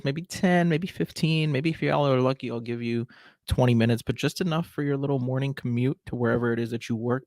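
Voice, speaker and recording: A man's voice: medium pitch, dry recording, clean studio sound. A man in his twenties hosting a podcast, giving a chatty, opinionated rant in a casual style. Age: 20s. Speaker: podcast host.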